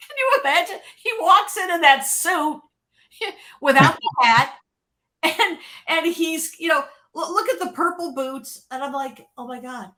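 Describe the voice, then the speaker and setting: A woman, a former record label creative executive, telling stories in a podcast interview with lively excitement, restarting sentences and laughing often. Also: very high-pitched, measured pace. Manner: excited, repeats words and restarts, laughs often, swings between hushed and loud. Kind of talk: animated storytelling in a podcast interview.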